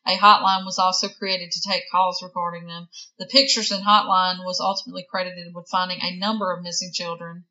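A woman's voice: lowish voice, flat delivery, fairly quick, hardly any pauses, bright, forceful tone, highs cut off. A woman co-hosting a true crime podcast, reading facts from notes and chatting, with the hiccups. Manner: reads facts aloud, with hiccups and giggles. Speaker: podcast co-host.

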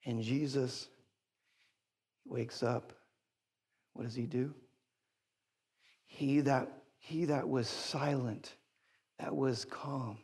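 A middle-aged male pastor preaching a sermon, telling a story with big jumps up in pitch when excited and dropping quiet for serious points. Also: takes it slowly, long pauses, slightly rough. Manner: animated storytelling, voice leaping high when excited.

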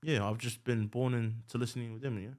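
A man's voice: medium pitch, flat delivery, brisk, a little mellow. A young man from New Zealand, a guest rapper chatting casually on a podcast in a laid-back way. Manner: laid-back, lots of "yes, sir" and "you know what I mean".

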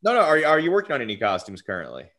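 A man's voice: mid-range voice, wildly swooping pitch, very fast, sharp tone. A man hosting a podcast interview, laid-back and easygoing. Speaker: podcast host.

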